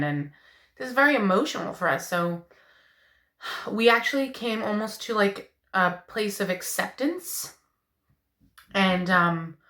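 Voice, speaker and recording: A woman in her thirties giving a candid personal vlog update, talking in a halting way with many fillers and sounding emotional. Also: mid-range voice, sharp tone, echoey room. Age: 30s. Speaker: vlogger.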